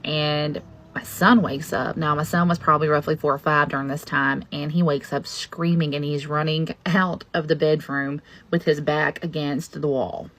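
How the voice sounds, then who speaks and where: A woman's voice: sits low, moderate pace. A woman telling a personal ghost story in a folksy, confiding way. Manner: folksy, confiding, animated when quoting others. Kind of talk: casual personal storytelling to camera.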